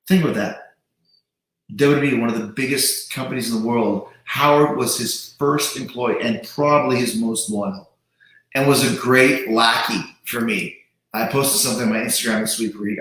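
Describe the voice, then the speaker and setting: A male show host delivers a casual, emphatic monologue, swearing a bit and repeating words. His voice is mid-range with a fairly bright tone, and the room he's recorded in is very echoey.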